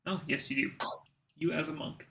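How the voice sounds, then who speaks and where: A man's voice: on the high side, fairly even intonation, moderate pace, vocal fry, fairly bright tone, slightly rough. A man running a tabletop game as dungeon master, talking in an easygoing way and thinking aloud as he goes.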